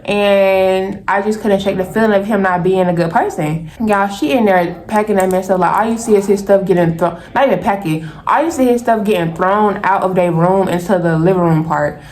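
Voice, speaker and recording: Young woman host, casual storytime, talks right to viewers, middle pitch. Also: normal speed, few pauses. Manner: animated, talks straight to viewers as y'all.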